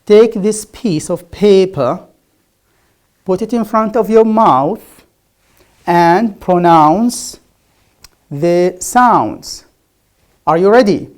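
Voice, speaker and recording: A woman whose first language is Arabic teaches English pronunciation in an online lecture. She drills the sounds slowly and repeats each one aloud. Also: medium pitch, animated, a little mellow. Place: remote class, speaking to a camera.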